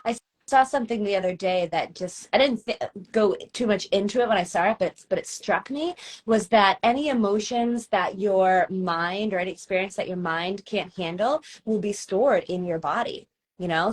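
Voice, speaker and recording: A woman hosting a podcast, reflective in casual interview chat, thinking aloud with pauses. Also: mid-range voice. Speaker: podcast host.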